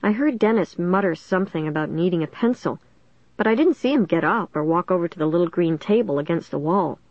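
Low-voiced woman narrating a story. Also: lively intonation, brisk, darkish tone, no room sound, muffled recording. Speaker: audiobook narrator. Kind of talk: first-person story narration.

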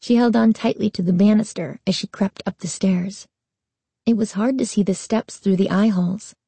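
A woman narrating a storybook aloud with a slow, even reading. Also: mid-range voice, gravelly, breathy edge, no echo.

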